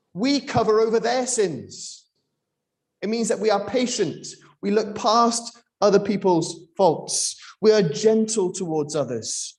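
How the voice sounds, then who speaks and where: A man preaches a sermon. His voice sits a little high, and he keeps it conversational, asking his listeners question after question. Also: a little mellow. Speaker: pastor.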